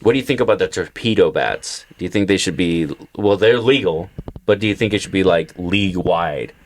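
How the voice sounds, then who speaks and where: A man's voice: deep voice, brisk. A young man co-hosting a casual comedy podcast, talking loosely, cursing freely and laughing often. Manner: loose, profane, laughs often, slips into silly voices. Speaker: podcast co-host.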